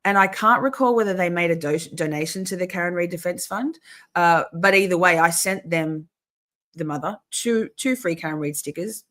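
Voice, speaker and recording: A woman's voice: lowish voice, normal speed, fairly bright tone. A woman hosting a livestream, ranting in a profane, fired-up way in casual chat. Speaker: livestream host.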